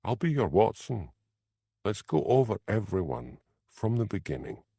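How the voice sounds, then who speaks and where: A man's voice: lowish voice, sing-song, normal speed, vocal fry, dark tone, husky, dry recording, exaggerated voice. An earnest young woman, urgent and persuasive, as a male narrator voices her. The voice is lifted only slightly above his own, in an audiobook reading. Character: anxious, determined young woman, psychic friend.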